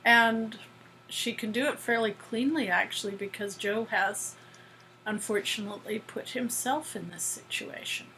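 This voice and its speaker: Bright gravelly-voiced woman co-host. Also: on the high side, slight background noise, rough recording. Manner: thoughtful, agreeable, slow musing. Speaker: podcast co-host. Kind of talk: casual recap chat.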